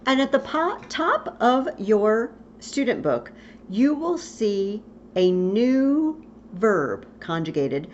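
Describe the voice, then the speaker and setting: A woman's voice: on the high side, very animated, takes it slowly. A woman teaching a recorded Latin lesson, patiently repeating verb forms and spelling out endings. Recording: dull lo-fi audio with faint hiss.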